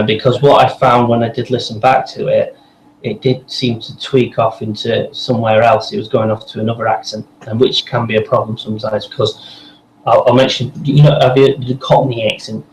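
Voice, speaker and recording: A man's voice: medium pitch, a little mellow. A man, a voice actor chatting loosely in an interview, rambling with restarts. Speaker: voice actor guest. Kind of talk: casual interview chat. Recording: echoey room with faint noise.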